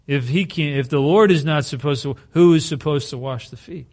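A man's voice: on the high side, normal speed, a little mellow. A male pastor giving a sermon in a conversational way, often putting rhetorical questions to the congregation.

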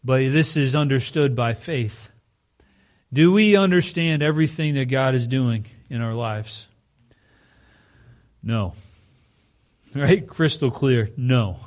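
A male pastor with a mid-range voice delivers a conversational sermon, frequently posing rhetorical questions to the congregation.

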